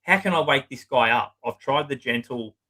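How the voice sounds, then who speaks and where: A middle-aged psychotherapist with a bright, forceful, medium-pitched voice tells client stories at a moderate pace in a loose interview. He's blunt and swears freely, often acting out what his clients said. The recording is rough.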